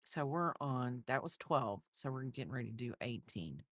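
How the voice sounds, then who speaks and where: A woman's voice: rumbling low, very animated, moderate pace, dry recording, studio quality. A woman crochet streamer in a rambling, chatty livestream, talking to her viewers. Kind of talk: casual livestream chat.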